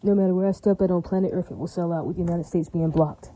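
Woman, lowish pitch, very dark, mellow tone; rambling profane monologue. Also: steady tone, fast talker, dry recording, rough recording. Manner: emphatic, profane, repetitive.

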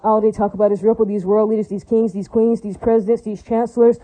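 Fast-talking, profane ranting woman. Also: mid-range voice, little pitch movement, mellow, rough recording. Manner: fast, repetitive, profane and indignant, with religious praise. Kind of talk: unscripted rant.

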